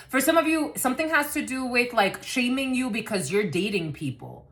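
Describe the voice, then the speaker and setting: A woman's voice: sits high, expressive, moderate pace, few pauses, a bit bright. A woman giving a collective tarot reading to camera, blunt and rambling, swearing freely and laughing often. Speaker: tarot card reader.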